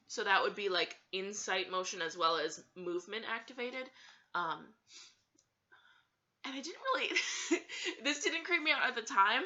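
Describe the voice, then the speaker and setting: A woman's voice: mid-range voice, bright, forceful tone, lo-fi sound. A woman telling a story in a casual vlog, giggly and hesitant, with plenty of fillers.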